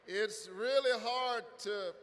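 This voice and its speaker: High, bright-voiced preacher rallying a crowd. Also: male voice, slow. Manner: rousing, builds to shouts, calls to the crowd. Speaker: pastor speaking at a political rally. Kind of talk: fiery rally speech with a preacher's cadence. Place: large rally venue with a cheering crowd. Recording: echoey venue sound with a crowd behind.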